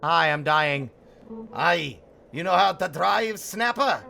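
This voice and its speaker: A man's voice: on the high side, animated, slow pace, creaky, pushed and bright, slight background noise. A man streaming a driving game live, chatting casually with his viewers, joking and swearing freely. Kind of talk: casual live gameplay chat. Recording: game music behind the voice.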